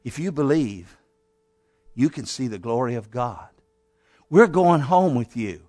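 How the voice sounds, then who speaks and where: Commanding healer read by a man preacher, solemn, high-voiced. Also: sing-song, normal speed, fairly bright tone, full character voice. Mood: reassuring. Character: calm commanding male healer Jesus.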